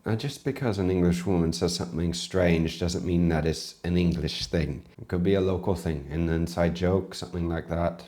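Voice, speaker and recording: A very deep-voiced American man with a West Coast accent, commenting as a chef. He explains things patiently and deliberately, with a mildly scolding tone. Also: steady tone, warm tone. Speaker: chef reacting to a video. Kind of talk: reaction commentary.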